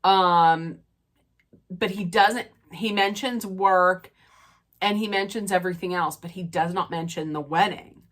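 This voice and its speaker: A woman with a slightly low voice talks through a reality TV episode in a loose, rambling recap, full of fillers and restarts. Her nose is stuffed up, so she sounds nasal and congested as she chats. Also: measured pace, a bit bright. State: stuffy, draining sinuses. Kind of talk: casual recap and rant.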